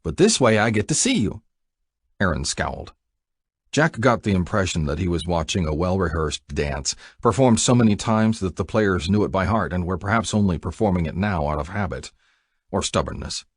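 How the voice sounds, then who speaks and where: Husky male narrator, deep voice, dry close read. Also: moderate pace, no echo. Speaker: audiobook narrator. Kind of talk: scripted narration.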